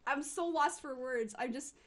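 A woman's voice: sits high, moderate pace, over a noisy crowd. A woman livestreamer, overwhelmed and close to tears, gushing thanks over and over to her chat. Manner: gushing, repeats thanks and exclamations. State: emotional, near tears. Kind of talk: overwhelmed thank-you on a live stream.

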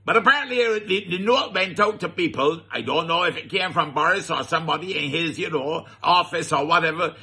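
A man's voice: sits high, moderate pace, gravelly, pushed and bright, husky. A man with a Barbadian accent giving comic satirical commentary, chuckling and mock-scandalized, drawing out his words. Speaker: radio comedy commentator.

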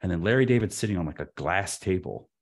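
A man in his fifties, a podcast guest telling an anecdote in an animated way, with frequent stammered restarts. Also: low voice, fast talker. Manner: stammering restarts, lively and expressive.

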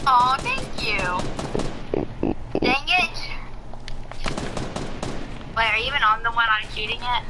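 A woman playing a game with a friend, quick to protest and exasperated at being teased. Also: fairly high pitch, expressive, heavy background noise. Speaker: co-player. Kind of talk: casual gameplay chat.

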